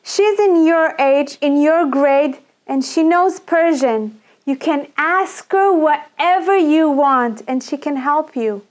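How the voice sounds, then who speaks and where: A cheerful, encouraging school teacher, as a woman puts her on, higher and louder than the storyteller's own voice. She speaks brightly and slowly. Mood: welcoming.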